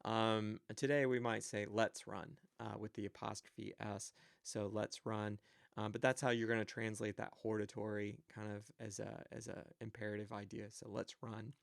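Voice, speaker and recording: A man's voice: fairly low pitch, flat delivery, normal speed, vocal fry, hardly any pauses, no echo, studio quality. A man teaching a recorded grammar lecture, explaining step by step with frequent fillers. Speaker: Greek teacher.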